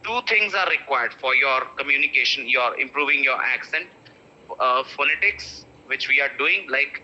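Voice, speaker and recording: A man teaches pronunciation in an online class, repeating each word again and again and slipping Hindi phrases in. His mid-range voice is expressive, quick, pushed, and bright, heard through dull lo-fi video call audio.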